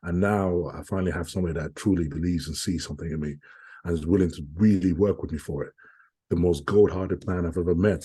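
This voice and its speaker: In an interview, a young British man who works as a professional bodybuilder speaks in a deep, husky voice with a dark, mellow tone. He earnestly recounts his story, often repeating phrases and acting out what other people said.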